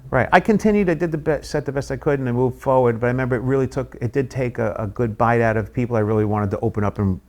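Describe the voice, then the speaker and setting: A middle-aged man, a guest comedian, telling an animated anecdote and acting out the people in it. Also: medium pitch, fast talker, hardly any pauses. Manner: animated anecdote-telling, acts out quoted voices. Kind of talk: storytelling chat.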